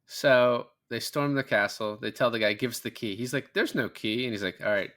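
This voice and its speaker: Man, podcast co-host, bright edgy tone, animated casual recap. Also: medium pitch, normal speed. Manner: animated, laughs while retelling scenes. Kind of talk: casual movie recap chat.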